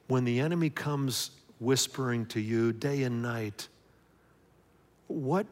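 A man preaching a sermon to his congregation, acting out a story's characters and moving from loud, lively telling to quiet, hushed appeals. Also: medium pitch. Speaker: pastor. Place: church sanctuary. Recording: long hall reverb.

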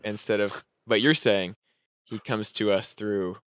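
A man's voice: lowish voice, fairly even intonation, measured pace, a bit bright, smooth, no echo, studio quality. A man co-hosting a casual Bible study talk, easygoing with short replies, and reading scripture aloud when asked. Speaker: podcast co-host.

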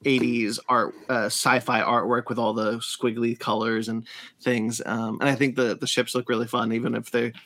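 A man's voice: medium pitch, level tone, moderate pace, fairly bright tone. A man hosting a podcast, chatting enthusiastically about a comic book with frequent restarts. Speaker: podcast host. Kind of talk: casual podcast chat.

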